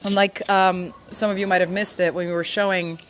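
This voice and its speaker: A woman's voice: lowish voice, flat delivery, a little fast, a little hiss or hum. A woman acting as a riding instructor, enthusiastically explaining horse equipment step by step. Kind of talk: explanatory casual chat.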